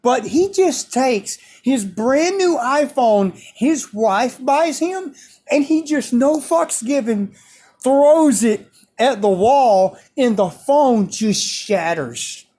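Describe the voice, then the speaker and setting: A man's voice: very high voice, takes it slowly. A man telling a story in a casual, profane way, repeating phrases as he goes. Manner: animated, profane, repeats himself.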